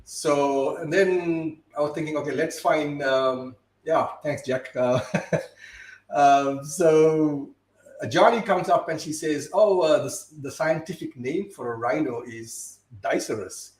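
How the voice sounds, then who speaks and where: A man's voice: a little high, takes it slowly, roomy sound, poor audio. A man from Botswana, a guest on a casual live-stream chat, telling stories with many restarts and repeated words. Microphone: video call.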